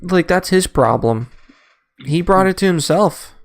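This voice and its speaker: A man's voice: high voice, expressive, gravelly. Blunt young man trash-talking. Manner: blunt, mocking, quick to agree. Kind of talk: casual chat.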